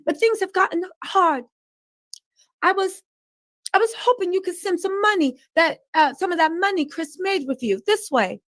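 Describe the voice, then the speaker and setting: Older West Indian mother read by a woman, pleading, high and thin, dry recording. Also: lively intonation, moderate pace, a bit bright, no room sound. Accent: attempted West Indian.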